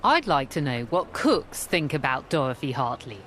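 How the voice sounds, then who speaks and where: A woman's voice: very deep voice, normal speed, slight background noise. A woman historian and curator presenting and narrating a documentary with keen enthusiasm. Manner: enthusiastic, expressive.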